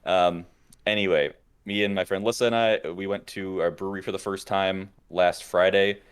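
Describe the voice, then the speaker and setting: Young guy podcast host, real low voice, animated storytelling, swears a lot. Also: normal speed, smooth. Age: young adult. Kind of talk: casual chat.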